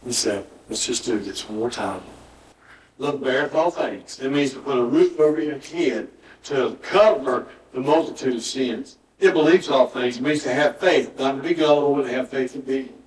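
A man preaching a sermon, voice sitting at an ordinary middle pitch. He tells his stories by acting out the dialogue and repeating words for emphasis. The sound is roomy and a little distant, picked up in a church sanctuary. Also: moderate pace. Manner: storytelling, quoting dialogue with emphatic repetition. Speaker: pastor.

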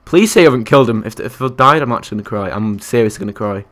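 A man's voice: mid-range voice, lively intonation, rapid-fire, a bit bright. A young man chatting through a live game stream, counting aloud and reacting to viewers and other players. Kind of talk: live gameplay commentary.

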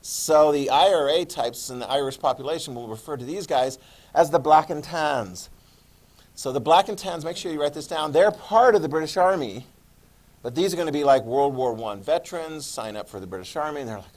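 A man's voice: a little high, brisk. A man gives a history lecture to his class in a loose, conversational way. He stops often to ask his students whether they follow, then picks the thread back up. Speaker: history teacher.

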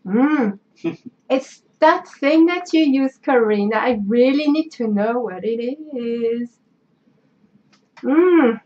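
A woman's voice: sits high, expressive, slow, mellow, muffled recording. A woman with a French accent chatting in a vlog, effusive and sentimental as she opens gifts and gushes her thanks. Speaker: craft vlogger. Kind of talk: casual unboxing chat.

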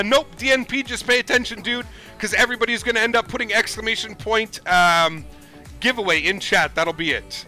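With a high, sharp-toned voice, a man chats casually with the audience of his flight simulator stream. He reads their messages out, thanks them, and stays upbeat and chatty, addressing viewers as "dude."

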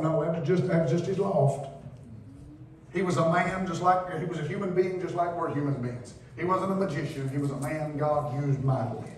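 A man, a pastor preaching a sermon and swinging between loud calls and hushed, low passages. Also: a little hiss or hum. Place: church sanctuary. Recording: very echoey church heard from a distance.

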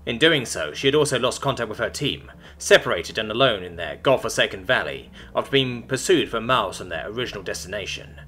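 A man reading a science-fiction war story aloud with a bright, forceful voice. His pitch rises and falls a lot as he tells it. Faint music plays underneath. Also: brisk, hardly any pauses. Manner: lively expressive reading. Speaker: narrator. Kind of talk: scripted story narration.

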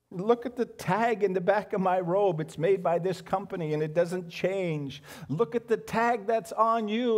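A man preaching a sermon as pastor, swinging between hushed, reflective lines and loud, animated outbursts. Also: high-pitched. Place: church sanctuary.

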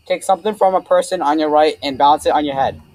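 A man's voice: on the high side, darkish tone, dry recording, low-quality recording. A man playing a party game and bantering, teasing and arguing about points, picked up on a laptop mic at home. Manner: teasing, competitive, quick to argue. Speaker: game player. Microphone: laptop webcam mic.

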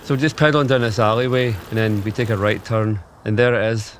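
A man's voice: on the low side, fast talker, slight background noise. Scottish man telling a rambling story. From Scotland. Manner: rambling, lively, full of fillers and slang. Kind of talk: casual anecdote telling.

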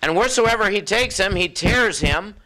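A man preaching a sermon in a folksy, conversational way, acting out other people's voices and dropping low and soft for effect. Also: animated, moderate pace. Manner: acts out voices of demons and doubters, drops low and soft for effect.

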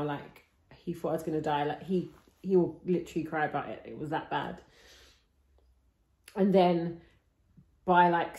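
A woman's voice: sits low, warm tone. A young woman telling her labour story to her camera in a chatty, breathless way, full of likes and restarts. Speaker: vlogger. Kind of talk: casual storytime. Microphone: camera she films herself with. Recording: roomy echo.

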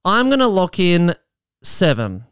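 A man with a high-sitting, resonant, clear voice reads articles aloud at a measured pace for his podcast, recorded in an apartment with no echo. His commentary is casual and jokey, animated, and peppered with mock voices.

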